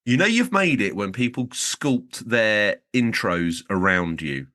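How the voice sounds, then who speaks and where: Man, podcast co-host, lowish voice, bright and forceful, teasing, casual banter. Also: very animated, measured pace. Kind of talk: casual chat.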